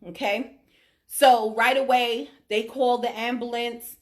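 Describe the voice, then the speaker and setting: A woman's voice: on the high side, steady tone, unhurried. A middle-aged woman telling a personal story to her audience, emphatic and often checking in with her listeners. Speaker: vlogger sharing her diagnosis story.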